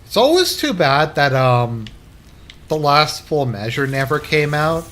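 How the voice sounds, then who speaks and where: A man's voice: on the high side, very animated, measured pace, a bit bright. A man livestreaming a game and chatting casually with viewers, rambling with lots of fillers and blunt, crude remarks. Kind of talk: casual chat while gaming.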